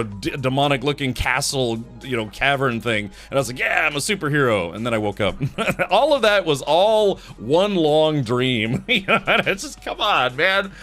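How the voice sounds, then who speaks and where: A man's voice: medium pitch, lively intonation, moderate pace, hardly any pauses, fairly bright tone, faint music behind. Tired, rambling male streamer. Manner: rambling, storytelling with mouth sound effects. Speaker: live-stream host. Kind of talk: casual live-stream chat.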